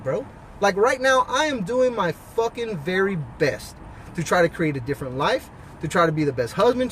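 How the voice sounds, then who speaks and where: High-voiced guy ranting outside, swears nonstop, blunt and preachy, bit of street noise. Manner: blunt, heavily profane, preachy. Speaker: husband and father giving life advice. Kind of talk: casual monologue to camera.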